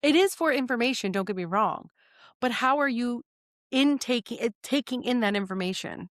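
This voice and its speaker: A woman with a fairly high voice talks animatedly and bluntly in a casual podcast chat, swearing freely and acting out the voices of people she quotes. The sound is dry and close. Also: animated, normal speed, no room sound. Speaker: host, shadow work coach.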